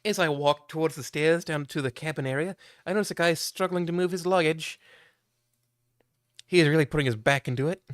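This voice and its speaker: A man's voice: on the high side, brisk, no echo, studio quality. A young man reading a game aloud on a live stream, joking and swearing as he chats with viewers.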